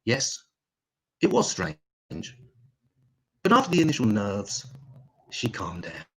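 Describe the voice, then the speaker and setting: Comedian guy doing a crude online stand-up set, deadpan jokes, pitch jumps around, slightly husky. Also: slow pace, low-quality recording. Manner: deadpan, crude one-liners. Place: home, online comedy show.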